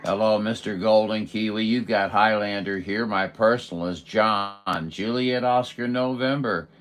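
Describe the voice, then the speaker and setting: A man's voice: fairly low pitch, fairly even intonation, a little slow. A man working amateur radio contacts, chatting in a folksy way with lots of fillers.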